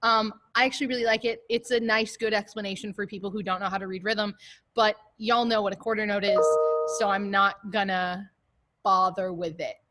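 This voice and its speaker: A woman leading an online choir class and warm-ups, talking casually and jokily with lots of fillers over a video call. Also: medium pitch, level tone, brisk, a little hiss or hum. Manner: casual, joking, chatty with many fillers.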